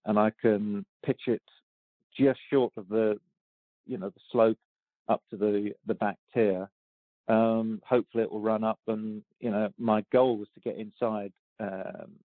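A man in his sixties with a lowish voice telling stories in an interview, hesitant with frequent ums and restarts. He comes through a tinny phone line that sounds dry and close. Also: dry recording. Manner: hesitant, lots of ums and restarts, laughs easily. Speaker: golf champion guest. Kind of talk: relaxed storytelling interview.

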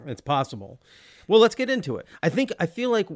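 A man's voice: sits high, wildly swooping pitch, fairly quick. A man co-hosting a podcast, chatting casually and enthusiastically about a film, often laughing. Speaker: podcast co-host.

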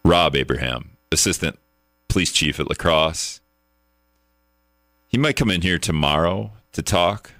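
Deep-voiced bright Midwestern talk radio host. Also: male voice, no echo, clean studio sound. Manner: joking, rambling, quick to laugh. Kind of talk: casual call-in talk radio.

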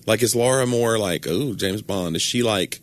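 A man's voice: fairly low pitch, moderate pace. A man co-hosting a podcast, joking and teasing in casual chat. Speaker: podcast co-host.

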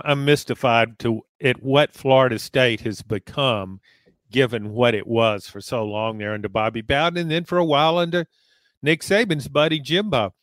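A man's voice: mid-range voice, a bit bright, no echo. A man from Louisiana co-hosting a sports podcast, ribbing his partner in a mock-stern way. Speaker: podcast co-host, columnist. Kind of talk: casual sports podcast chat.

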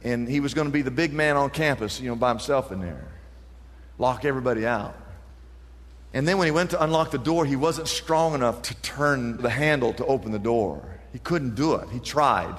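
Impassioned high-voiced male preacher. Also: expressive, brisk, fairly bright tone, long reverb tail. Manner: impassioned, building repeated refrains. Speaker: pastor. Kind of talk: sermon.

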